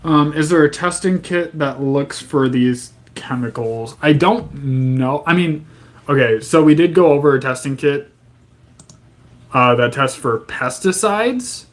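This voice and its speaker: A man's voice: a little high, measured pace. A man streaming live, reading to his chat and breaking into profane, exasperated rants that stay angry but joking.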